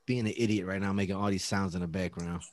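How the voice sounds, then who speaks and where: A man from the Bronx hosts a casual podcast chat, repeating his points with emphasis and plenty of swearing. His voice is mid-pitched and plainly recorded on a dry, close mic. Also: fairly even intonation, quick pace, no room sound. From New York, the Bronx. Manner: emphatic, repeats himself, profane banter. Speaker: podcast host.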